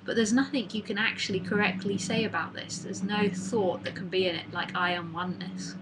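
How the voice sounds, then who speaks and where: A woman's voice: medium pitch, brisk, very noisy. A woman giving a live spiritual talk in a casual, chatty manner that circles back and repeats itself. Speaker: spiritual teacher.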